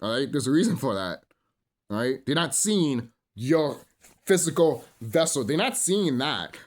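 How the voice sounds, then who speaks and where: A man's voice: mid-range voice, sing-song, a little slow. A man ranting in a solo monologue, profane and rambling, full of fillers, preaching to his listeners as brothers and sisters. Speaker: vlogger.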